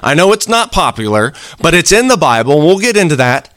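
A man delivers an earnest, conversational sermon, his voice a touch higher than most and full of swings in pitch. The sound is dry and close, with little room around it. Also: very animated, brisk, fairly bright tone, no room sound. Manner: earnest, conversational preaching with acted-out quotes. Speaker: preacher.

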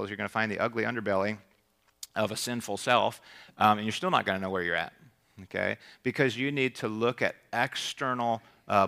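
A man's voice: medium pitch, sharp tone, smooth. A man preaching a sermon in a conversational, rambling way, full of restarts and rhetorical questions.

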